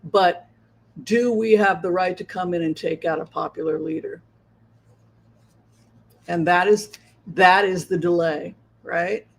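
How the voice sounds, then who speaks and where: High-voiced man in rhetorical commentary. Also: steady tone, unhurried, vocal fry, pauses often. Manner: rhetorical, keeps asking "right?". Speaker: psychic show host. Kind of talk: livestream political commentary.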